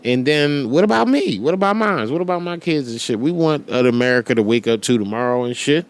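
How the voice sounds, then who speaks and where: A man's voice: mid-range voice, animated, brisk. Profane ranting podcast host, man. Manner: profane, ranting, laughing often. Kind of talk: profane casual rant. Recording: loud background noise.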